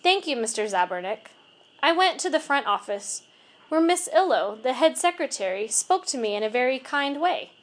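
High, lively woman reading a storybook. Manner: expressive, measured read-aloud. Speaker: reader. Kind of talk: storybook narration.

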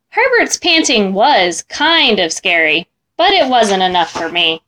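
A woman reading a children's story aloud in an expressive, animated way. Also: mid-range voice, a little slow.

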